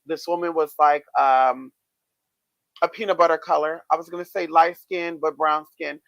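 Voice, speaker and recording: A man vlogging, casually telling his viewers a story in a chatty, expressive way with frequent swearing. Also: on the high side, moderate pace, no echo. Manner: chatty, expressive, swears freely, many fillers.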